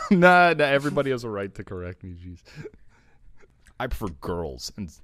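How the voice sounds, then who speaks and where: Deep-voiced guy, casual joking group reading, lively delivery, dry close sound. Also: fairly quick, no room sound. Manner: joking, laughs between lines. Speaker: fan dub reader voicing Knuckles and narration.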